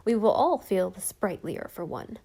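Brisk storybook housekeeper, voiced by a woman, cheerful and warm. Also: medium pitch, sing-song, vocal fry, breathy edge, heavily acted. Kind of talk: audiobook character reading.

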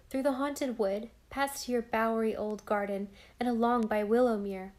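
A woman reading an audiobook aloud, narrating and voicing the dialogue in a gentle, expressive way. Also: mid-range voice.

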